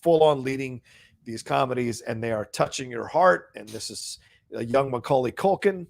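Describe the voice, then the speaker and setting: A man co-hosting a podcast, chatting casually and with enthusiasm, swearing freely. His voice is gravelly with a bit of fry, and he sounds stuffed up. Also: medium pitch. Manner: enthusiastic, swearing, quick reactions. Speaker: podcast co-host. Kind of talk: casual chat.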